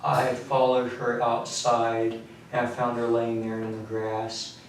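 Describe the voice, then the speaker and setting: A young man in his twenties, an inmate recounting events in a flat, matter-of-fact way during a prison interview. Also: mid-range voice, a little slow. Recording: very echoey room, distant mic, faint hum.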